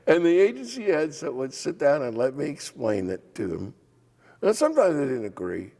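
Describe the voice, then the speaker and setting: An older man, a former legislator and state official, telling anecdotes in an oral history interview with a gravelly voice. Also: a little high, moderate pace. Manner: animated anecdotes with acted quotes and laughs. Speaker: former legislator and assistant insurance commissioner. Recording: hall reverb.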